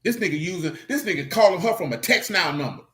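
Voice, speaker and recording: A man teaching scripture in a casual stream, joking and swearing in street slang, with sudden animated outbursts. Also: high-pitched, quick pace. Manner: animated preaching with rising outbursts. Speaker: Bible teacher.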